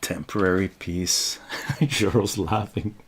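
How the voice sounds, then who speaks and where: Here a middle-aged streamer from Iran speaks low and slow, with a faint hiss or hum on the recording. Animated and profane, he spins stories on a casual livestream and keeps asking "right?".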